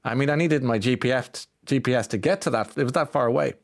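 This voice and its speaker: A man's voice: mid-range voice, fast. A man with an Irish accent hosting a morning radio show, rambling and self-mocking as he tells stories and reads texts. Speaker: radio host. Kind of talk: chatty morning radio talk.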